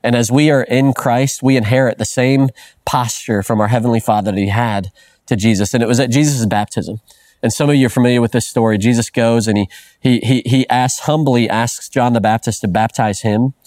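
A man's voice: medium pitch, fairly even intonation, brisk, darkish tone, no echo, clean studio sound. A middle-aged man preaching a sermon in an earnest, conversational way, often restarting phrases and adding "man" as a filler. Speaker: pastor.

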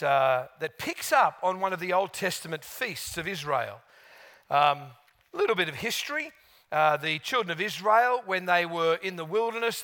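A male pastor gives a sermon in a high, bright voice. His delivery is chatty and lively, full of little restarts as he tells his stories.

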